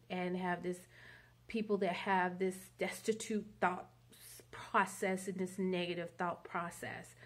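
A woman vlogger telling a long story in a rambling, chatty monologue. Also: medium pitch. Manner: chatty, rambling, many fillers.

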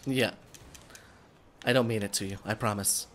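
A young man hosting a casual gaming livestream, excitable and swearing freely between laughs. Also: on the low side, normal speed, a little hiss or hum. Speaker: livestream host.

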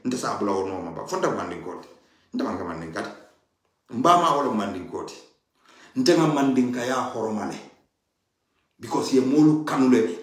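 A man giving an impassioned political monologue, emphatic and pleading, repeating his key points. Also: medium pitch. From Gambia. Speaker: party supporter giving political commentary. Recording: very echoey room.

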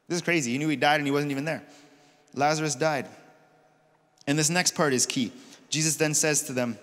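A man's voice: a little high, steady tone, fairly quick, long pauses, fairly bright tone. Casual preaching man in a reverberant hall. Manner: conversational storytelling, retells scripture in casual paraphrase. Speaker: pastor. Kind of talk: sermon. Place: church auditorium.

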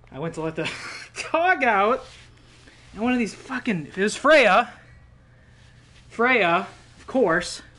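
A man's voice: fairly high pitch, sharp tone. A man streaming a video game, telling a rambling, profane story in casual live-stream chat.

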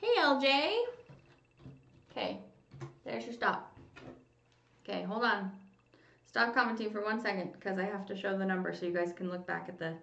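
Chatty woman hosting a gravelly lo-fi livestream. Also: mid-range voice, normal speed, pauses often, fairly bright tone, far from the mic. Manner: chatty, reads comments aloud, hums while waiting. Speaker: livestream host. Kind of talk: casual livestream chat. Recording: lo-fi roomy home stream audio.

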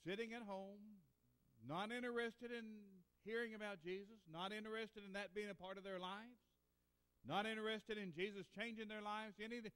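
Male preacher, high voice, earnest and emphatic, Sunday sermon in a church with long reverb. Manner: earnest, emphatic, swings between loud and hushed. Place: church sanctuary.

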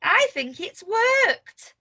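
A woman's voice: very high-pitched, very animated, drawn-out words, sharp tone, pitched above the performer's own voice, full character voice. A woman voicing a prim, sensible little woman who speaks firmly.

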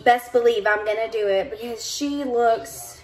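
A woman's voice: a little high, a little slow, reverberant. A young woman, chatting casually in a vlog, tired after staying up, with lots of fillers. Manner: chatty, laid-back, many fillers. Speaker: book vlogger.

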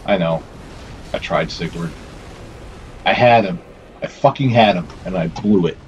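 Low-voiced male let's player, profane and self-critical, chatting to in-game characters. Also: a little slow, a little mellow, a little hiss or hum. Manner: swearing, self-scolding and talking to the game's characters. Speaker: gameplay commentator. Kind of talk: let's play commentary.

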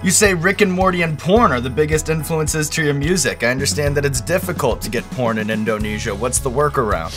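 A man hosting a casual interview over hot wings, asking wry, relaxed questions. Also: on the high side, brisk, hardly any pauses, music in the background. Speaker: interview host.

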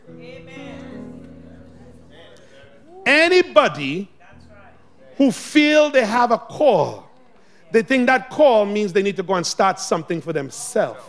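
High-voiced preaching man, fervent. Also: normal speed, long pauses. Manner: exhorting, calls on the congregation to respond; lively, swings between loud shouts and quiet asides. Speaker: pastor. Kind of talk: sermon. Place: church sanctuary.

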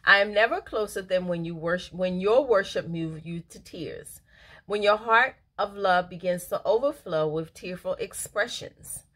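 Middle-aged woman, bright lowish voice, earnest devotional talk, casual and emotional. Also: normal speed. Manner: earnest, emotional, laughs easily, many fillers. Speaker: devotional speaker. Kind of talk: casual devotional reading and reflection.

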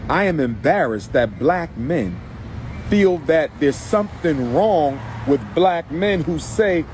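Man, fairly high voice, preachy and repetitive, impassioned monologue, faint car noise outside. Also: expressive, slow pace, a little mellow. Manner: preachy, repetitive, addresses listener as brother. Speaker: commentator responding to a clip.

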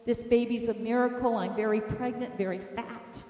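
A woman teaching a class, telling a personal story in an animated, emphatic way. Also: a little high, normal speed. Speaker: teacher of an inner healing course. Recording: echoey hall from far off.

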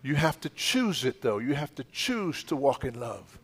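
A fervent middle-aged pastor leads healing prayer in a church. His voice is mid-pitched and commanding. He swings from loud shouted rebukes down to hushed murmurs. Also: sing-song, moderate pace, breathy edge. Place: church sanctuary.

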